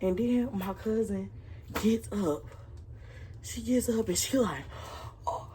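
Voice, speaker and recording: A woman's voice: mid-range voice, slow, slight background noise. A young woman vlogger telling a family story in a casual, profane, slang-heavy way and. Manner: profane, animated retelling with slang.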